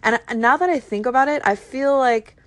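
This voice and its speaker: A woman's voice: high voice, brisk, no echo. A young woman hosting a casual chat, thinking aloud with lots of fillers. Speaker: host.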